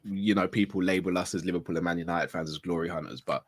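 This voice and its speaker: A man who is a guest on a football podcast, talking in a laid-back way and trailing off softly. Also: sits low, fairly even intonation, fast talker, husky, dry recording. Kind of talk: casual football podcast chat.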